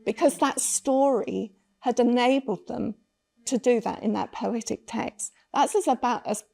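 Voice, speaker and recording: On a conference panel about children's literature, a woman tells stories in an earnest, reflective way. Her voice is a little high, gravelly, and warm, delivered at a measured pace.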